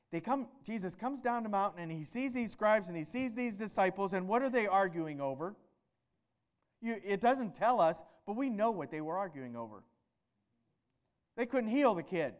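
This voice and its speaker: A male preacher with a high voice delivers a sermon in an animated way. He fires off rhetorical questions and swings between loud, emphatic bursts and quieter, lower stretches. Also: clean tone.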